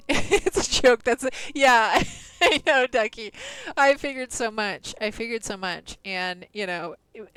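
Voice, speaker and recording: A woman's voice: on the high side, a bit bright, smooth, no room sound, low-quality recording. A woman streaming a game live, chatting casually and venting about scammers between laughs. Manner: chatty, exasperated ranting with frequent laughs.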